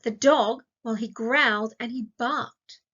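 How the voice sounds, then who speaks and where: An Australian woman teaching a grammar lesson to young children, speaking slowly and clearly and asking lots of questions. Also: fairly high pitch, a bit bright. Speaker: primary school teacher. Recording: dull lo-fi sound.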